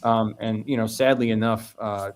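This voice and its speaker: A man's voice: fairly low pitch, steady tone, normal speed. Rambling man on a podcast. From Northwest Indiana. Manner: rambling, repeats words and restarts often. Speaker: guest meadery owner. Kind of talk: casual podcast conversation.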